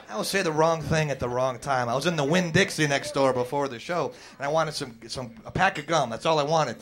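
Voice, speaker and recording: A man's voice: fairly high pitch, a little fast, fairly bright tone. A man doing a chatty stand-up set who quizzes the audience and acts out voices. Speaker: stand-up comedian.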